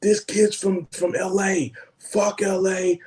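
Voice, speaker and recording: A man putting on an angry, gruff New York sound man with a New York accent. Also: high voice, flat delivery, slow, a little mellow, voice pushed up.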